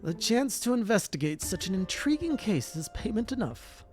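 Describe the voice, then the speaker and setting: Streamer as a grandiose gentleman detective, flowery and theatrical, lively pitch, faint music. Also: moderate pace, lightly acted. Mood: gallant. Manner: theatrical, flowery, self-important. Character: pompous gentleman inspector, grandiose.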